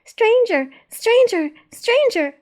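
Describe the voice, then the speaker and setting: A woman voicing a small, bold young girl fox kit with a high-pitched, yelling voice in a read-aloud story. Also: lively intonation, slow, heavily acted. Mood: shrill yelling.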